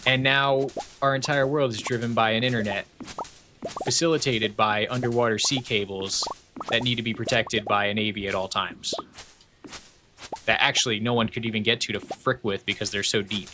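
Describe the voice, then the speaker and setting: A man's voice: lowish voice, fairly even intonation, normal speed, background noise. A man streaming a video game from home, chatting casually and rambling off on tangents while reading chat aloud.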